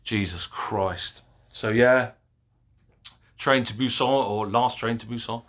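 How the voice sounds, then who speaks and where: A man giving a casual, excitable movie review, rambling with fillers and the odd swear word. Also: on the low side, slow, pauses often. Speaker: film reviewer.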